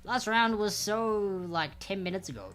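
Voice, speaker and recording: A woman's voice: mid-range voice, a bit bright, faint music behind. A young Australian woman hosting a livestreamed trivia game from home on a desk microphone, chatty and upbeat, drawing out the names in each question. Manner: chatty, upbeat, reads questions slowly and with emphasis. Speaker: trivia host. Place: home room with a backdrop. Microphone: desk microphone without headphones.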